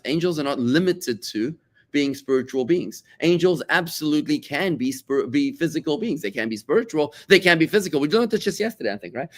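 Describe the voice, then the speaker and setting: A middle-aged rabbi from South Africa teaches in a loose, talkative way. He stumbles over repeated words as he goes and slips into put-on voices for the people he quotes. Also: on the high side. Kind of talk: conversational Torah class.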